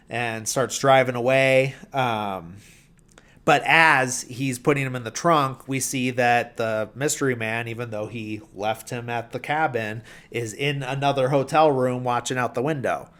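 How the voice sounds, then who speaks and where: A man at a relaxed, unhurried pace, talking through a movie's plot in a loose, rambling way. He leans on fillers and drops his voice into soft mumbles when he quotes characters. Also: mid-range voice. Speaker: podcast host. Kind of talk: casual film recap.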